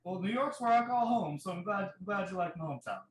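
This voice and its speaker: A man's voice: sits high, lively intonation, fast, echoey room, far from the mic. A man role-playing a character at a game table, hesitant with many fillers.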